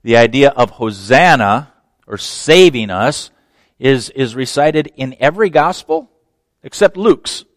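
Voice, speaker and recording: A man preaching a sermon, telling a story with folksy asides, dropping to a near whisper and then rising to excited shouts. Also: medium pitch, unhurried, dry recording. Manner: lively storytelling, swings from hushed to shouting; laughs between phrases, folksy asides. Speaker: pastor.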